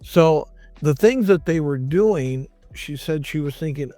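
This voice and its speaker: A man's voice: a little high, lively intonation, a little slow, mellow, dry recording, faint music behind. A male chiropractor telling a patient's story in a conversational way, acting out what others said. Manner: conversational, quotes others in raised voices. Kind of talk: storytelling monologue.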